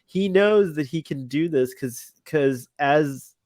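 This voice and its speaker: A man's voice: on the high side, slow, darkish tone, no echo. A man co-hosting a casual podcast chat, enthusiastic, laughing a lot and using many fillers. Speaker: podcast co-host.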